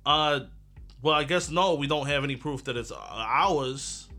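A man's voice: on the high side, unhurried, pushed and bright. A man playing a tabletop game, speaking in character in a hesitant, pleading way. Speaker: player. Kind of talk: casual in-character play.

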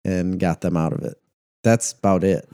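A man's voice: low voice, normal speed, warm tone, dry recording, clean studio sound. An American man in casual banter, rambling and teasing with a laugh. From United States. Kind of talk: casual chat.

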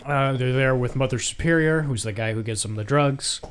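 A man's voice: mid-range voice, fairly quick, a little hiss or hum. A man in casual chat about a film, retelling scenes and quoting lines as he goes. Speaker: podcast co-host.

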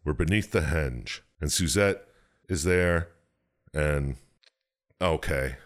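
Low-voiced man, casual profane storyteller recapping a plot. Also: takes it slowly. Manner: rambling, profane, jumps into silly quoted voices. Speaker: podcast co-host recapping a game story. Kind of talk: casual chat.

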